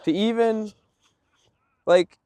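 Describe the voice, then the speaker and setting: A man hosting a podcast, reacting with enthusiastic exclamations and asking questions in a relaxed, conversational way. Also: high-pitched, slow, clear, resonant tone, no room sound. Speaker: podcast host. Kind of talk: casual conversational interviewing.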